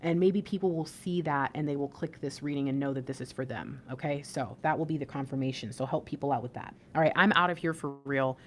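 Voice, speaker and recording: Speaking in a deep voice at a brisk clip with hardly any pauses, a woman leads an intuitive spiritual reading for her channel's viewers, with slight background noise. She reassures them casually, rambling somewhat through fillers and restarts.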